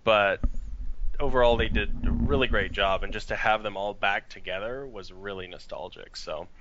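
A man co-hosting a casual podcast chat, giving even, measured opinions. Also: lowish voice, lo-fi sound, background noise. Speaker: podcast co-host.

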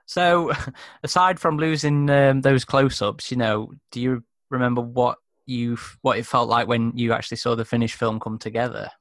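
A man's voice: mid-range voice, steady tone, moderate pace. A man interviewing a guest, asking brief, attentive questions. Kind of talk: casual interview.

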